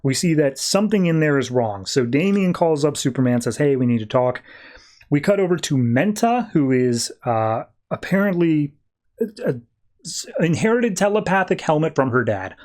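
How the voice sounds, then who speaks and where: A man's voice: fairly high pitch, sing-song, moderate pace, a little mellow. A man hosting a podcast, loosely recapping comic book plots in casual chat, full of filler words. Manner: loose and rambling, heavy on "like" and "uh" fillers. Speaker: podcast host.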